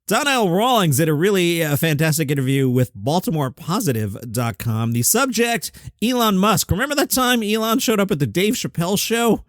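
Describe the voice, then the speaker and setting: A man's voice: high voice, very animated, normal speed, few pauses, dry recording. Wry, dry-sounding man hosting comedy news. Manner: wry, chatty, ad-libs side comments. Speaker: comedy news podcast host. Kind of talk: casual news recap with jokey asides.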